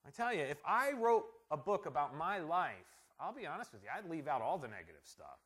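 A middle-aged man preaches in a high, light voice. He talks the text through casually and asks his listeners rhetorical questions, rising loud for emphasis and dropping to near-murmurs for asides. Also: very animated, fairly quick, slightly rough. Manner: conversational, rhetorical questions, swings from loud to soft. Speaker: pastor. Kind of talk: sermon.

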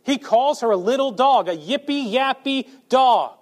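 A male preacher delivers a sermon with a high, animated voice that swoops far up and down. He keeps asking his listeners rhetorical questions and acts out the quotes he gives. His pitch stays well above most men's. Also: unhurried.

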